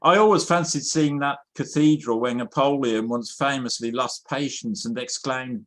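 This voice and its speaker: A man chatting casually, then reading a comic poem deadpan at an online open mic over a video call. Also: medium pitch, normal speed, hardly any pauses. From England. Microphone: home computer mic on a video call.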